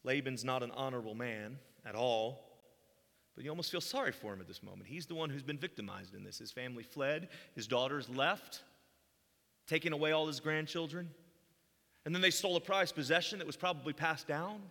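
A man's voice: mid-range voice, fairly quick, vocal fry, pushed and bright. A man preaching a sermon, walking through a Bible passage and voicing the quoted speech with rising intensity. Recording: long hall reverb.

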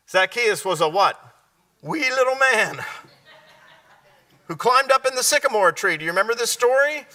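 A man preaching a sermon, often asking his listeners questions and answering them, sometimes dropping to a hushed, slow delivery. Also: high-pitched, distant mic. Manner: drops to a hushed, slow delivery at key points.

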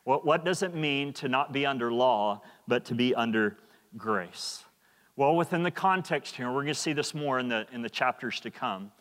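A man's voice: mid-range voice, animated, normal speed, a bit bright. A man preaching a sermon in a church, earnest and emphatic, often repeating words. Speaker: pastor. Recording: long hall reverb.

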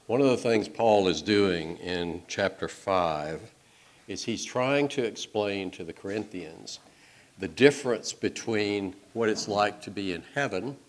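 Lower-voiced man preaching a sermon. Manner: storytelling, shifting loud and soft.

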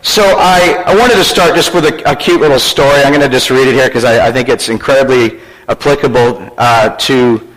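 A man's voice: mid-range voice, fairly quick, few pauses, a bit bright, long reverb tail, low-quality recording. A man preaching a sermon as pastor, joking and teasing his congregation.

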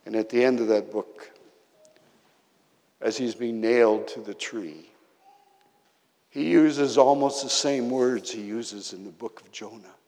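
A man preaching a sermon to his congregation. He tells stories with emphatic pauses, and his voice often drops quiet. His voice carries a long reverb from a large church hall. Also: medium pitch.

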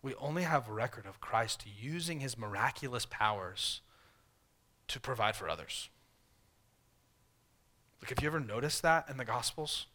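A man preaching a sermon in a conversational way, voicing the tempter's questions in softer, lower tones. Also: expressive, normal speed, pauses often. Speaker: pastor.

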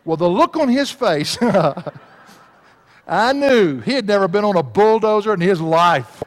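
A man's voice: high voice, animated, takes it slowly. A man preaching a sermon, folksy and laughing at his own stories. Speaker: pastor. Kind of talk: sermon with storytelling. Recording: long hall reverb.

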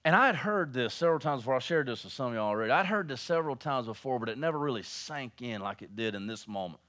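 A man preaching a sermon, telling stories and swinging from hushed, reflective talk to loud, urgent exhortation. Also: medium pitch, lively intonation, quick pace. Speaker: pastor.

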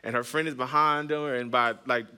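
A man's voice: mid-range voice, steady tone, fairly quick, pushed and bright, clean tone. A man in his thirties, a pastor hosting a podcast, preaching in a chatty way with personal stories and jokes aimed at the congregation. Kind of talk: conversational sermon with personal stories.

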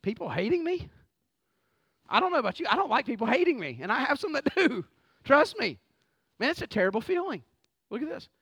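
A man preaching a lively, conversational sermon full of rhetorical questions. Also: very high voice, brisk, pauses often, breathy edge, no echo. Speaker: pastor.

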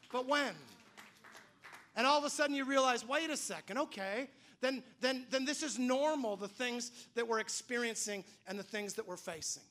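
A man's voice: extremely high pitch, pushed and bright. A man preaching a sermon, telling a story animatedly, acting out the voices he quotes and often restarting his words. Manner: frequent restarts and repeated words. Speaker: pastor.

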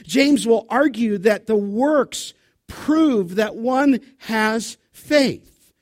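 Male pastor mid-sermon, high voice, intense and direct with his congregation, dry close sound. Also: very slow, dry recording. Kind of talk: expository sermon. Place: church sanctuary.

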